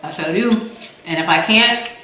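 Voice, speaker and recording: A woman's voice: on the low side, measured pace, pushed and bright. A woman host chatting casually and playfully while eating, with features, recorded on a camera mic from far away. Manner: laid-back, chatty, playful. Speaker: vlogger host. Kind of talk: casual mukbang chat. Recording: echoey room, camera far away, noisy.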